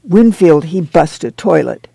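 Man doing a sly little farm girl, raised pitch, gravelly undertone, dry sound. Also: animated, a little slow, dark tone, no room sound, heavily acted. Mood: tattling. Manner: tattling, sly dialect speech. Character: young rural girl, tattling, cheeky.

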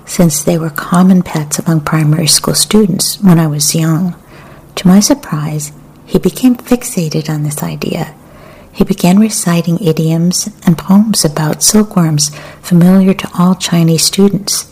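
A woman reading poetry and memoir aloud in a soft, often half-whispered, measured way. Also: lowish voice, slightly rough. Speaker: literary reader.

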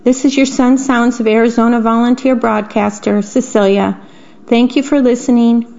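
A woman volunteer radio reader, telling a bedtime story in slow, clear storytelling. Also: fairly high pitch, steady tone, darkish tone. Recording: slightly dull radio broadcast.

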